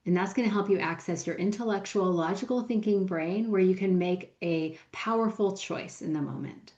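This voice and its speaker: A woman's voice: medium pitch, normal speed, a little mellow, reverberant. Woman coach on a muffled podcast mic. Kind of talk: casual podcast conversation.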